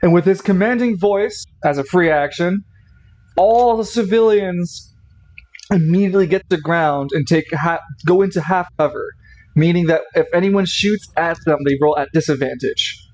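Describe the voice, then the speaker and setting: A man's voice: high voice, moderate pace, darkish tone, dull audio. A man narrating a tabletop role-playing game as game master, often stopping and restarting while he checks the rules.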